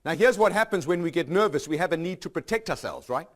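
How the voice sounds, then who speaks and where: A man with a high voice gives an unscripted motivational speech to a live audience. He talks emphatically, stacks short repeated lines, and keeps asking the room rhetorical questions. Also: animated, quick pace, fairly bright tone. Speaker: motivational speaker.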